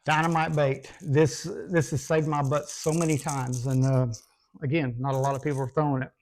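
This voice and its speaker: A man's voice: mid-range voice, little pitch movement, moderate pace. A man giving a casual, folksy fishing lesson, talking in a rambling way with lots of fillers and restarts. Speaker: bass fishing instructor. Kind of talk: casual instructional talk.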